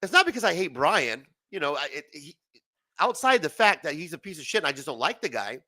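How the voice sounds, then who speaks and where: A man hosts a late-night livestream with a bright, sharp voice that swings up and down a lot. He rants in a rambling, profane way and breaks into laughter often. His voice is tired and starting to give out. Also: a little high, sing-song, fairly quick. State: voice failing, tired. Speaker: livestream host.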